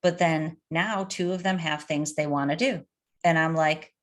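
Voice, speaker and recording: A middle-aged woman coach answering interview questions in an animated way, telling anecdotes. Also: low-pitched, normal speed. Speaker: addiction coach.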